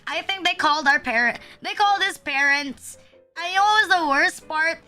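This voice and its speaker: A woman's voice: very high voice, bright, forceful tone. A young woman, rambling through a story in a casual chat stream and heaping fillers and self-deprecating asides as she goes. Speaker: VTuber streamer.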